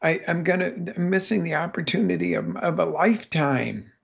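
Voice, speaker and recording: Frantic, begging businessman with a gravelly edge, as a coach acts him out in a story. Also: on the high side, moderate pace, voice pushed up. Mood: pleading. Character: desperate businessman pleading with a cop.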